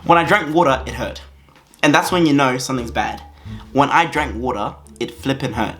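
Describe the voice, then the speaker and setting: A young man, telling a comic story from his own life to his viewers in a lively, dramatic, laughing way, with soft music playing underneath. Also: medium pitch, normal speed. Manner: animated, laughing, dramatic exaggeration. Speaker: vlogger.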